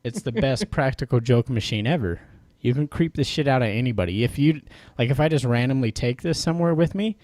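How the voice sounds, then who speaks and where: A man's voice: medium pitch, fairly quick, hardly any pauses, darkish tone, no room sound. A man in casual podcast chat, laughing often as he tells a story about a creepy toy.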